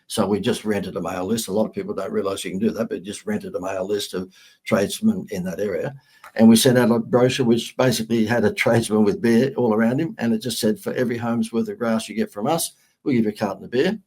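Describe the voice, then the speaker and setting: A middle-aged man with an Australian accent, a guest on an interview show, telling lively anecdotes with sarcastic humor. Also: fairly low pitch, fast talker, slightly rough. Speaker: guest, marketing consultant. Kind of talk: storytelling interview chat.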